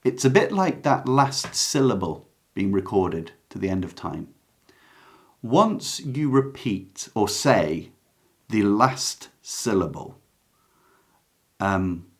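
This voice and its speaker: A man giving a slow, reflective line-by-line lecture on a play, sometimes pausing to search for words. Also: lowish voice. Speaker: literature teacher.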